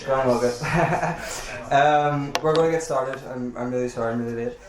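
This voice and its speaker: A man's voice: medium pitch, fairly even intonation, normal speed. A man hosting a live poetry night in a bar, hesitant and apologetic, with lots of ums. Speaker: event host. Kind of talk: casual live introduction. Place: bar function room. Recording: echoey live room with crowd chatter.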